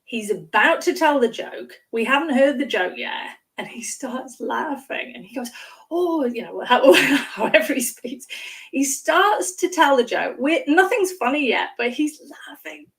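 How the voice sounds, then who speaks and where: A woman speaking coach chatting on a video call, lively and acting out examples with little exclamations. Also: high-pitched, normal speed, gravelly, few pauses, distant mic, rough recording. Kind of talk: casual chat on a live stream.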